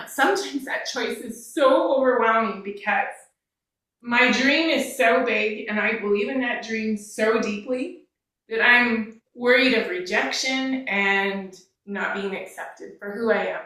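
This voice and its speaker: A woman's voice: on the high side, unhurried, bright, forceful tone, recorded from a distance. A woman, a life coach and counselor, talking candidly and emotionally in casual conversation, swearing now and then. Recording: echoey room, away from the mic.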